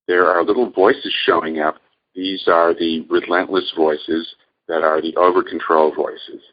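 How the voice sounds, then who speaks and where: Calm male meditation teacher, deep and slow, gently instructive, on a muffled lo-fi recording. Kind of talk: guided meditation lecture.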